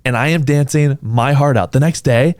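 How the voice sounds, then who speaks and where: Young male podcast host, mid pitch, dry close mic, laughing storyteller. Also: darkish tone, no echo. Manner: laughing, quick storytelling with quoted asides. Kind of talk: casual chat, animated storytelling.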